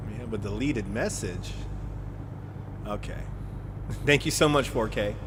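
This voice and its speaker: A live streamer with a lowish, unhurried voice chats casually with viewers while playing a driving game. He jokes, laughs often, and tosses in self-mocking asides, with noise in the background.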